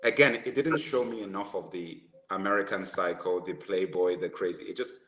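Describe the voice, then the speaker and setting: A man with a lowish voice talks casually about films, animated and quick to laugh at his own jokes. He often restarts his sentences mid-thought. The room around him is roomy and echoey. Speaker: podcast co-host. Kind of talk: casual movie discussion.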